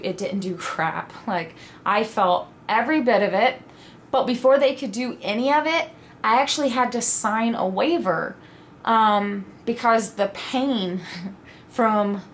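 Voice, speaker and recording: A young adult woman telling a personal story in a casual, animated vlog style, acting out her own quoted reactions. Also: mid-range voice, slight background noise. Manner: animated, dramatic retelling with quoted asides. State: pregnant (at the time told). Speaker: vlogger.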